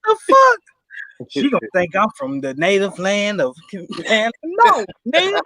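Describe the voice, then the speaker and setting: Brief: high, lively man bantering, dry close sound, laughs a lot. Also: unhurried, no room sound. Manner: laughing, crude teasing. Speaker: podcast co-host. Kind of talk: casual banter.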